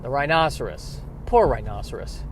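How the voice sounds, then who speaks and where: A man's voice: mid-range voice, very animated, normal speed, background noise. A man giving a rambling, self-deprecating comic monologue outdoors near a street. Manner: self-deprecating, riffs with rising exasperation. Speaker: vlogger.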